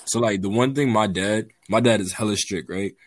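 Deep-voiced young man, blunt jokes. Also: normal speed. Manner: blunt, joking interjections. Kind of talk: casual chat with friends.

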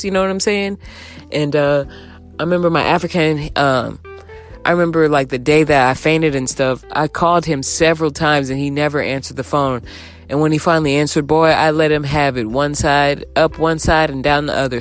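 A young woman telling a candid storytime to her viewers, chatty and animated, acting out quotes as she goes. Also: low-pitched, a little fast, faint music behind. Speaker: vlogger. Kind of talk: casual storytime.

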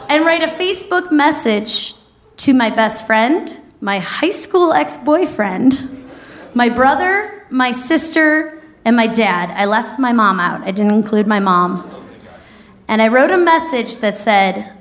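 Animated woman telling a comic story. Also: a little high, measured pace. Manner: lively, animated, breaks into laughter. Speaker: comedic storyteller. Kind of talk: stand-up storytelling.

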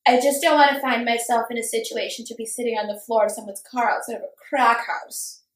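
A woman's voice: on the high side, fairly even intonation, a little fast. A young woman telling a story in casual chat, acting out quotes and swearing freely. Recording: roomy echo.

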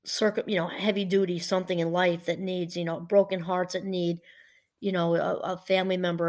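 A middle-aged woman, a professor, talking casually and warmly about gratitude, rambling a little and laughing through her stories. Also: on the low side. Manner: chatty, rambling, laughs while telling stories. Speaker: professor and podcast host. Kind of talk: casual motivational talk.

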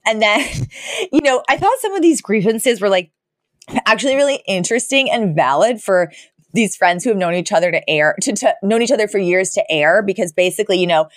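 A woman's voice: medium pitch, animated, a little fast, no room sound. Chatty woman podcaster, dry close sound. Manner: chatty, laughs often while retelling scenes. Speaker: podcast co-host. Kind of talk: casual TV episode recap chat.

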